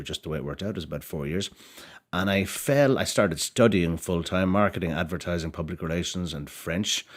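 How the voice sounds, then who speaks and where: An Irish man in his forties, a podcast guest telling his life story in a rambling, self-correcting way. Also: very deep voice. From Ireland. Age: 40s. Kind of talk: casual life-story chat.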